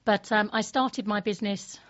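A woman's voice: mid-range voice, fairly even intonation, normal speed, a bit bright, dull audio. A woman from England, a guest on a radio show, explaining her work in a friendly way. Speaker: guest, travel business owner. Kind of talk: radio interview.

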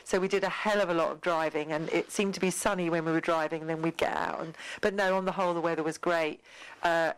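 A woman co-hosting a radio show, chatting enthusiastically and rambling with excitement. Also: lowish voice, fast talker, clean tone, low-quality recording. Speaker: radio co-host. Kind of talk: casual radio chat.

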